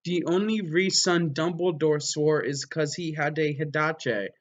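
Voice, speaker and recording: A petulant teenage goth girl scolds her readers in a whiny, squeaky-high voice, as a man puts her on. The audio is a bit dull and lo-fi. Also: a little slow, natural voice. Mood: scolding.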